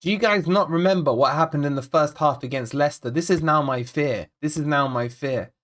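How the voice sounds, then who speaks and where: Slightly bright and fairly high in pitch, this fan channel host talks fairly quickly through a live football watch-along. He keeps things casual with viewers, circling back over the same points as he frets about the team and reads messages from the chat.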